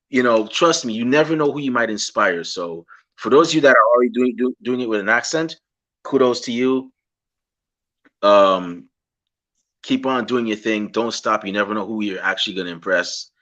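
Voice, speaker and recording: Brief: deep-voiced Guyanese man, animated interview host on a video call. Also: moderate pace. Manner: animated, impersonates fans excitedly. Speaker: podcast host. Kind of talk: casual interview chat.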